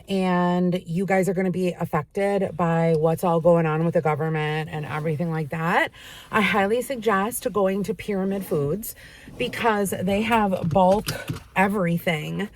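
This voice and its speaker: A woman chatting casually while driving, rambling from one errand to the next and talking to her dog in a high baby voice. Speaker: vlogger. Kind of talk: casual car vlog chat. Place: inside a car while driving. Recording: steady car road noise.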